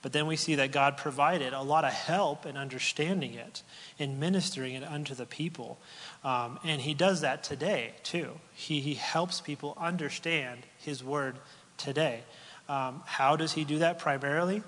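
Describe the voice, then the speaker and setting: A man's voice: on the high side, moderate pace, fairly bright tone. Male pastor, casual sermon delivery with restarts, recorded with long hall reverb. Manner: conversational, with fillers and repeated words.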